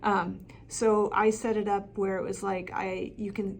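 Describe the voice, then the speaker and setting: A woman's voice: medium pitch, little pitch movement, unhurried, creaky, few pauses, slight background noise. A middle-aged woman coaching parents with practical advice, talking plainly with frequent ums and restarts. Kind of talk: talking-head advice video.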